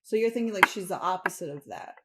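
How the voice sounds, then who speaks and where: A woman's voice: on the low side, animated, quick pace. A woman co-hosting a casual book discussion, adding short remarks and agreeing with the others. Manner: brief agreeing interjections. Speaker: book podcast co-host. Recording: noisy mic with audible hiss.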